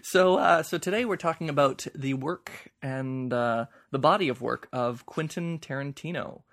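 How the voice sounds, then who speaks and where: Brief: male podcast co-host, mid-pitched with some vocal fry, casual rambling film talk. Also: normal speed, a bit bright. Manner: rambling, restarts a lot, conversational. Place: home, remote from co-host.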